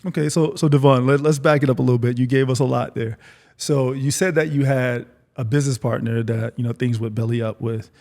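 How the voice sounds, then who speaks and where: A man hosting a casual interview podcast, relaxed and chatty, often repeating his words as he asks follow-up questions. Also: medium pitch, fairly quick, vocal fry. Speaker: podcast host. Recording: long reverb.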